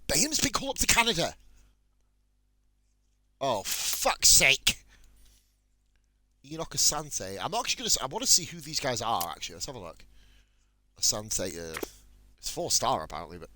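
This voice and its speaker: Sharp-voiced man muttering over gameplay. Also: mid-range voice, dry recording. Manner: chatty, swears freely, mutters to himself. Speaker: gaming channel host. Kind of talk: casual gameplay commentary.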